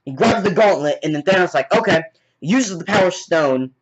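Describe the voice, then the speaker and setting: A man with a slightly high voice retells movie scenes as eager play-by-play, dropping in sound effects as he goes. It is a casual spoken review. The recording is dull and lo-fi. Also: animated, normal speed, background noise.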